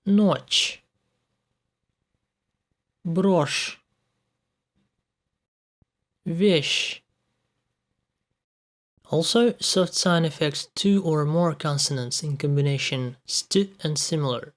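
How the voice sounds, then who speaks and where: A man's voice: a little high, steady tone, moderate pace, few pauses. A man with a Russian accent, a native Russian speaker, teaching pronunciation in a recorded lesson and carefully spelling out each example word. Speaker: language teacher.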